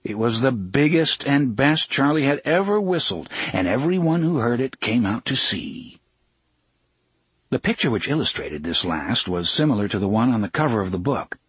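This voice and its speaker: A man's voice: mid-range voice, very animated, normal speed, husky, no echo. A man reading a novel aloud as audiobook narrator, expressively voicing each character. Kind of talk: scripted narration.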